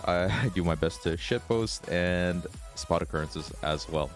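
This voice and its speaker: Raspy guy streaming his trades, deep voice, laid back, bit of music behind. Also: measured pace. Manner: relaxed, swears, laughs often. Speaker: trading streamer. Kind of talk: casual live-stream chat.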